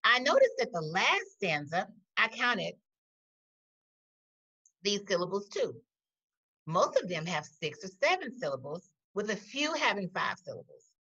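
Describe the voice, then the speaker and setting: A woman teacher giving a recorded poetry lesson, talking slowly and deliberately and pausing to question the class. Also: medium pitch, sing-song, pushed and bright, slightly rough. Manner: slow, deliberate, with pauses. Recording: dull lo-fi audio.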